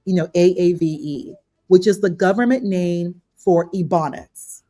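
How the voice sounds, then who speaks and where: A woman's voice: lowish voice, measured pace, mellow, no room sound. A woman on a live video-call panel, talking emphatically in casual debate, repeating and restarting her sentences.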